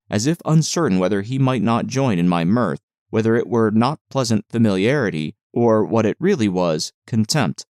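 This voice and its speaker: A man narrating a classic novel as an audiobook, in a measured, expressive reading. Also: fairly low pitch, smooth, dry recording, clean studio sound.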